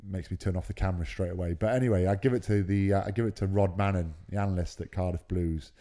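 A man's voice: deep voice, fairly even intonation, fast, mellow. A man telling a story in casual, matey podcast chat. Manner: laid-back, chatty, matey. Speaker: podcast co-host.

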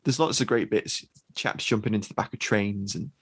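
A man's voice: fairly low pitch, slightly rough, dry recording. A British man co-hosting a film podcast, chatting casually with lots of restarts and ums. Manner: halting, many restarts and ums. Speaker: podcast co-host.

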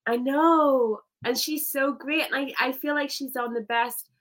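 A woman's voice: high voice, fairly even intonation, a little slow, fairly bright tone, low-quality recording. A woman co-hosting a casual wrestling chat, enthusiastic and emphatic, laughing easily. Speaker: podcast co-host.

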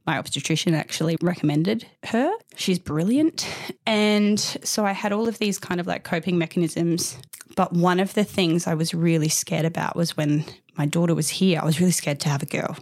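A woman's voice: deep voice, steady tone, fairly quick, a little mellow, dry recording, studio quality. A woman in her thirties, an interview guest telling her own story openly and from the heart, rambling with restarts. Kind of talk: candid personal storytelling.

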